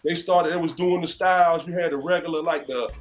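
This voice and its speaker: High-voiced chatty man from North Carolina. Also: brisk, soft background music. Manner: animated, conversational, leans on "you know what I'm saying". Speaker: guest musician. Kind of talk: casual interview chat.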